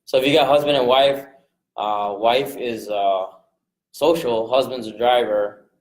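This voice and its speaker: A man coaching a group on sales rapport in a casual, energetic way, jumping into quick voices to act out phone calls. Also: medium pitch, echoey room, poor audio. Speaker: real estate investing coach.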